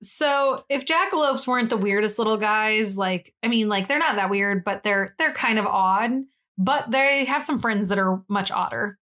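A woman's voice: mid-range voice, normal speed, bright, forceful tone. A young woman co-hosting a podcast in casual chat, rambling and giggly, swearing casually. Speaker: podcast co-host.

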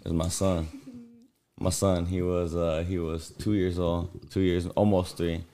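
A low-voiced man hosts a studio podcast and tells a story from his own life. He talks bluntly and profanely, stopping to fill in backstory as he goes. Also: little pitch movement, dark tone. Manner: blunt, profane, rambling with quick asides. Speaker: podcast host. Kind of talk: casual storytelling.

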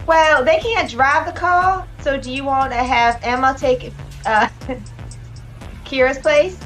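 Woman, game player, slow, high voice, faint music. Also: a bit bright. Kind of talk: casual in-character play.

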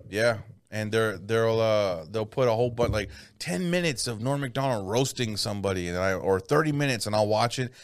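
A man's voice: fairly low pitch, moderate pace, few pauses, clear, resonant tone, no room sound. A man in casual chat, swearing freely and laughing often. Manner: profane, laid-back, laughs often.

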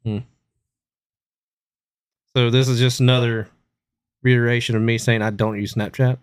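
A man's voice: mid-range voice, level tone, moderate pace, smooth. A man hosting a podcast in casual, teasing chat. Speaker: podcast host.

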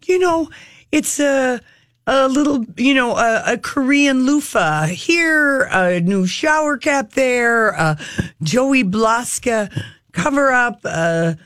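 A woman's voice: sits high, takes it slowly, no echo, studio quality. A woman from Minnesota co-hosting a casual chat, telling a story animatedly and acting out the people in it. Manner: animated storyteller who acts out the other people. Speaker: podcast co-host. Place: studio.

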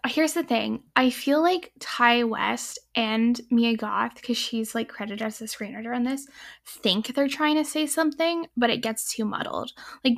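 A woman's voice: fairly high pitch, gravelly, a bit bright. A woman in her twenties chatting casually about a film, frank and full of fillers. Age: 20s. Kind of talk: casual film-review chat.

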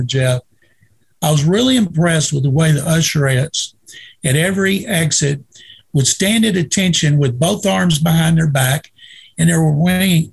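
Gravelly older storyteller. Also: male voice, fairly high pitch. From Waco, Texas. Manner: lively anecdotal storyteller, acts out quoted dialogue. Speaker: guest, retired sportswriter. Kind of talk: storytelling in a casual interview.

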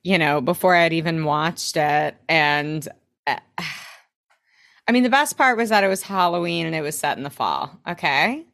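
A woman's voice: deep voice, lively intonation, measured pace, vocal fry, a bit bright. A young woman co-hosting a podcast, rambling and swearing through a casual episode recap with plenty of laughs. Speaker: podcast co-host.

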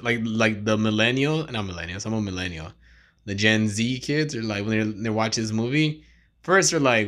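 A man's voice: on the low side, lively intonation, a little fast, a bit bright. A man in his thirties hosting a podcast in casual chat, rambling, slangy and profane. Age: 30s. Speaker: podcast host.

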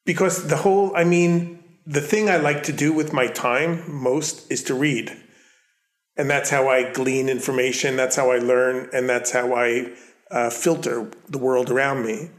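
A man's voice: medium pitch, fairly even intonation, measured pace. A middle-aged man with a Long Island accent, an artist talking in a casual interview, rambling and often correcting himself mid-sentence. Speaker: artist and curator, interview guest. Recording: roomy echo.

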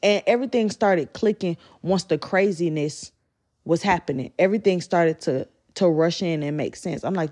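A woman's voice: on the low side, moderate pace, mellow. A woman, telling a candid, profane story and acting out quotes. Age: 20s. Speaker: storyteller vlogger. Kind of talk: casual storytime.

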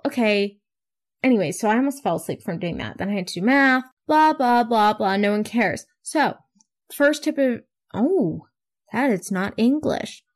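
A teenage girl hosting her own podcast, rambling in a bubbly, self-mocking way and swearing casually. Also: medium pitch. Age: teens. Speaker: podcast host. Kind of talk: casual solo podcast chat.

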